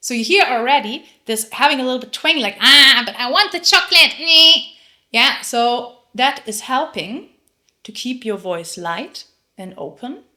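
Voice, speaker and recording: A woman's voice: a little high, pushed and bright. A woman teaching a singing lesson, explaining technique and breaking into sung demonstrations. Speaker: vocal coach.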